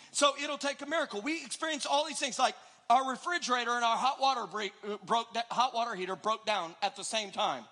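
A male preacher giving an energetic, joking sermon to a live audience, often questioning them. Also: very high voice. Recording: long hall reverb.

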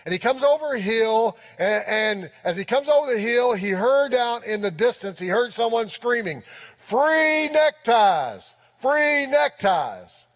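A man with a high voice preaching a sermon with emphasis and repeating his points for weight. He is recorded in a church with a long, lingering reverb. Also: moderate pace, hardly any pauses. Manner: emphatic, repeats key phrases. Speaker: pastor.

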